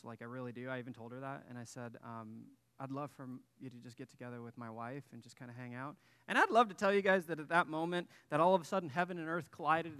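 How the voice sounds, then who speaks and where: Bright-voiced male pastor in a reverberant hall. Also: medium pitch. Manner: casual, self-deprecating, many fillers and restarts. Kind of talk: sermon with personal story.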